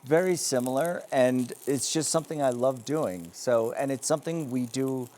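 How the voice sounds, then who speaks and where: An easygoing man chef explains his dishes to a TV host in casual, relaxed talk. He stops and restarts now and then as he hunts for the right words. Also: medium pitch. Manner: relaxed, easygoing, a bit halting. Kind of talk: casual interview.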